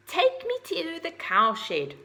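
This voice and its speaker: Woman putting on a shrill, lazy little owl chick. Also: big pitch swings, slow, sharp tone, exaggerated voice. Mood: urgent. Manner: whiny when lazy, shrill and urgent when scheming.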